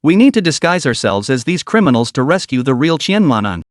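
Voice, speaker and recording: A man voicing a quick, decisive young male detective in a story recap, speaking in an urgent, commanding way. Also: medium pitch, sing-song, dry recording, clean studio sound, natural voice.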